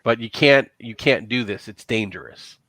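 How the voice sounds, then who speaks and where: A man voicing a stern city watchman who lectures in a brisk, official way. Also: lowish voice, a bit bright, dry recording.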